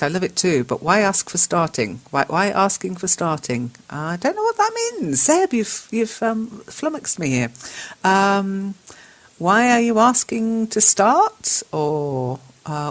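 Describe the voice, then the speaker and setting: A woman hosting an English-learning chat show, patiently reading out learners' messages and spelling corrections letter by letter, with frequent chuckles. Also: on the low side. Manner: patient, spells words out slowly, chuckles often.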